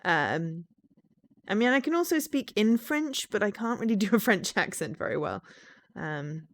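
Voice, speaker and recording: Lively, chatty woman game streamer. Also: mid-range voice, normal speed. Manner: chatty and self-deprecating, full of fillers and laughs. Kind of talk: casual chat while streaming.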